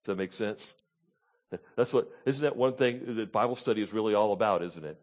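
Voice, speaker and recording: A pastor, preaching a conversational Bible-teaching sermon and often checking in with the congregation with "Okay?" and "Amen?". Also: male voice, fairly low pitch, fairly quick, a little mellow.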